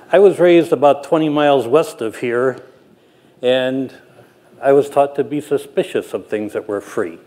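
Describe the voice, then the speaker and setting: An older man, a production manager, telling a self-deprecating story with frequent halting restarts. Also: mid-range voice, mellow. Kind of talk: anecdotal storytelling talk.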